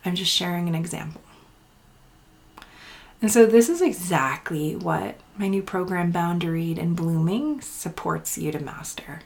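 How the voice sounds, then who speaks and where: A woman in her thirties hosting a spiritual healing podcast, talking softly and often dropping to a whisper, with blunt swearing mixed in. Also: lowish voice, a little slow. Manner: soft, breathy delivery slipping into whispers, blunt swearing. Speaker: podcast host and healing coach. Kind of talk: intimate spiritual podcast talk.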